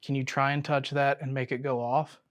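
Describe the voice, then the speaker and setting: A man investigating a haunting, calling out patient questions to whatever might be listening. His voice sits at an ordinary pitch, and a steady hiss of noise runs under the recording. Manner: slow, coaxing questions, drops to a whisper at times. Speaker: paranormal investigator. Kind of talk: questioning spirits during a ghost hunt. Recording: noisy night recording.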